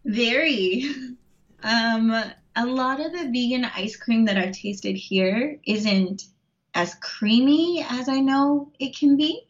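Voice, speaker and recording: Relaxed woman guest, dull lo-fi sound. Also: fairly high pitch, slow pace. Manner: relaxed, laughs often, many fillers. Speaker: interview guest, home vegan cook. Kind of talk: casual interview chat.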